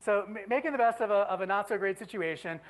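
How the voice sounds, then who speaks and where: A woman giving an animated, exasperated on-stage storytelling speech, now and then breaking into shouts. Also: medium pitch, fast talker, rough recording. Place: stage before an audience.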